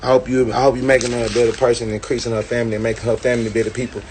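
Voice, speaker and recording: A man's voice: medium pitch, level tone, racing, noisy background. A man ranting and boasting in a brash, profane way on a phone livestream. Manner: brash, swaggering, preachy.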